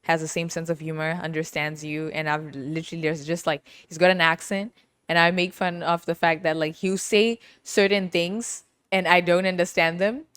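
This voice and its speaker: A woman's voice: on the low side, flat delivery, moderate pace, a bit bright, clean tone, dry recording. Chatty woman podcast host, dry sound. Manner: chatty, laughs often, playful roasting. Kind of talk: casual storytelling monologue.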